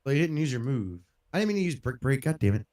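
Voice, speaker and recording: A man in the middle of a casual let's-play, talking loosely and rambling, with plenty of swearing and laughter. His pitch sits in the ordinary middle range for a man. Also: sing-song, quick pace, darkish tone. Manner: rambling, profane, laughs often. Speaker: gaming streamer.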